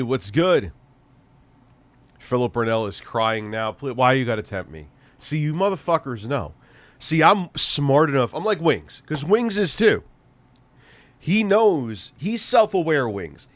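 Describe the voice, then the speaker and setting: A man hosts a casual livestream in a middle-pitched voice. He rambles, restarts his sentences, and keeps throwing in crude, profane jokes. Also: a bit bright. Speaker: livestream host.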